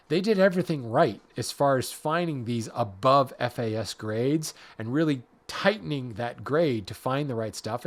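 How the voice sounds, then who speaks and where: Casual man explaining hardwood lumber. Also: mid-range voice. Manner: conversational, self-deprecating, restarts mid-sentence. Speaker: podcast host, hardwood lumber expert.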